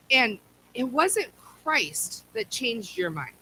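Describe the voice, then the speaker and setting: A woman's voice: on the high side, sing-song, takes it slowly, bright, forceful tone, a little hiss or hum, low-quality recording. A woman teaching a Bible lesson at a church, talking conversationally and often repeating words as she restarts.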